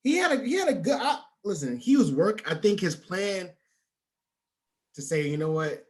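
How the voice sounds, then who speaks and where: Lively, blunt podcast guy. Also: high-pitched, moderate pace. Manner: lively, blunt, profane banter. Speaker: podcast co-host. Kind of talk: casual chat.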